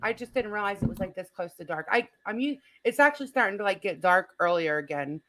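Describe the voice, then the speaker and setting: Bright-voiced woman hosting a live stream. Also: mid-range voice, animated, fast. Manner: chatty, agreeable, wrapping up. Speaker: livestream host. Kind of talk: casual chat.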